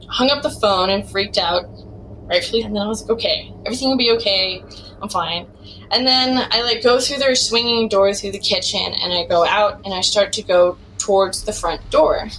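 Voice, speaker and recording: A woman tells a true ghost story in a casual, rambling manner, leaning on filler words. Her voice sits at an ordinary middle pitch and jumps upward during the tense moments. A soft music bed plays faintly behind her. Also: poor audio. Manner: rambling, heavy use of "like" fillers; animated retelling with bursts of rising pitch.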